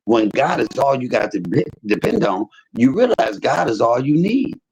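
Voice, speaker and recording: A man hosting a livestream, telling stories in casual chat with an animated manner that leaps up in pitch when he quotes people. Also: normal speed, husky, low-quality recording. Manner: animated storyteller, jumps high in pitch for quoted voices. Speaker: livestream host.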